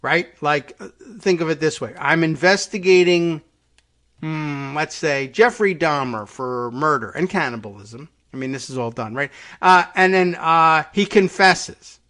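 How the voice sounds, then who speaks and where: Brief: male talk host, slightly higher voice, reads headlines then adds dry sarcastic commentary. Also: a little slow, fairly bright tone. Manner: wry, sarcastic asides between read passages. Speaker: podcast host. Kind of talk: reading news aloud with commentary.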